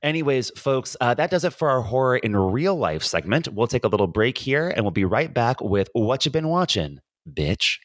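A man's voice: mid-range voice, no echo. A man co-hosting a podcast in casual chat, stumbling and repeating words as he talks. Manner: halting, repeats words, animated. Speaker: podcast co-host.

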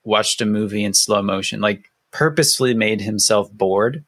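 A man's voice: lowish voice, normal speed, fairly bright tone, no room sound, studio quality. A man co-hosting a podcast, speaking hesitantly and thoughtfully in casual chat. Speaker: podcast co-host.

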